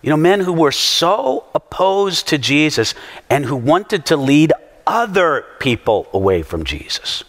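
A man with a high, strongly animated voice preaches to his congregation, acting out every quote he tells. His pitch leaps up and down, and his words ring out with a long reverb from a large hall. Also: a little slow. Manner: animated storyteller who acts out quotes. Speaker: pastor. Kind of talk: sermon.

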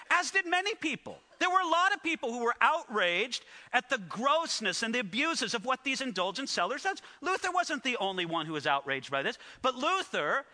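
A man preaching with a very high, ringing voice that sounds sharp and bright. He tells the story with lively asides to the listeners, and a long hall echo follows each word. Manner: animated storytelling with asides to the audience. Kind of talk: sermon. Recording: echoey hall.

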